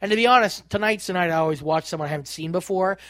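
A man's voice: sits high, very fast, a bit bright, no echo, studio quality. A man co-hosting a casual comedy podcast interview, blunt and a little profane.

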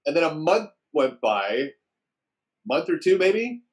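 Guy telling a wild story, acts out the quotes all loud and high, pretty lively. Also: takes it slowly. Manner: animated, acts out quotes in raised voices. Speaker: guest storyteller. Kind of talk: casual anecdote telling.

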